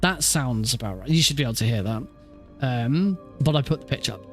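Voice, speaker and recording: A man's voice: medium pitch, animated, a little fast, fairly bright tone, soft background music. A man streaming a speedrun who chats casually, thinks aloud and often restarts his sentences. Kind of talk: casual live-stream chat.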